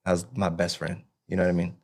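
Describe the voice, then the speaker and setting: A man recounts his own hard past as an interview guest. His voice sits low and barely moves in pitch, and his telling is halting, looping back with "you know what I mean". It sounds like a relaxed personal testimony.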